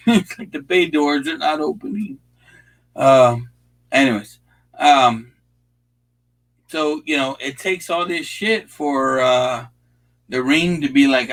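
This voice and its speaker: A man's voice: fairly high pitch, takes it slowly, long pauses, a bit bright, low-quality recording. A young man casually talking over a movie he is watching, rambling with lots of fillers and constant swearing. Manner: profane, rambling, laid-back with frequent fillers. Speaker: watch-along host.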